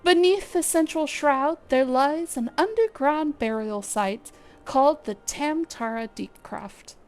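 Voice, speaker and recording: Stern archer captain from a game, formal, measured, slow, read by a woman, fairly high voice. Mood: grave. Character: stern male leader of a forest archer guard. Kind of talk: reading game dialogue aloud.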